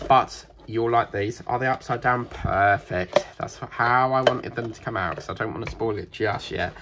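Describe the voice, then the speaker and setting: A man with a British accent, chatting casually as he unboxes crafting kits for his channel, rambling and getting excited. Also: mid-range voice, normal speed, background noise. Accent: British English.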